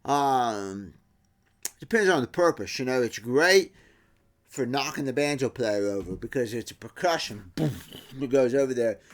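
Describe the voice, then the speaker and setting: A middle-aged man talks through guitar tap tones in a relaxed workshop manner. He imitates the sounds with his own voice and often backs up to restart a sentence. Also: mid-range voice, moderate pace. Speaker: guitar builder. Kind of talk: casual workshop explanation.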